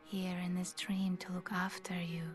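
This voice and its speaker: A woman voicing a breathy whispering doll. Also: lowish voice, completely flat delivery, moderate pace, faint music behind, close to an everyday voice. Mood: serene. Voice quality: soft and breathy. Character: gentle female doll caretaker, calm and devoted. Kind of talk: whispered role-play.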